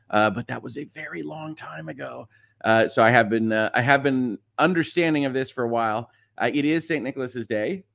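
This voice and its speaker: Male stream host, casual chatty read of viewer messages, mid-pitch, relaxed and conversational. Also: gravelly. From Midwest US. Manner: reads chat messages aloud, chatty, frequent "uh" fillers. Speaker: livestream host. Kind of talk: casual live-stream chat.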